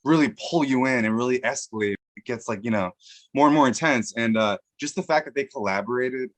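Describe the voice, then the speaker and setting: A man interviewing a guest, talking casually with many fillers and halting restarts. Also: mid-range voice, a bit bright. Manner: quick, halting with fillers like "you know" and "like".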